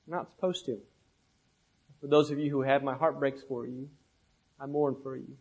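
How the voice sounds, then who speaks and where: A young man preaching a sermon with impassioned, rhythmic repetition, often dropping softly at the ends of phrases. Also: medium pitch, flat delivery, normal speed, husky, poor audio.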